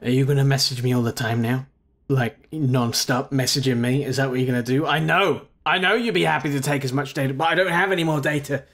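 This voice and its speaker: A man's voice: mid-range voice, a little fast, a bit bright. A man commenting on a game he plays, sarcastic and mock-exasperated. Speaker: gaming video host.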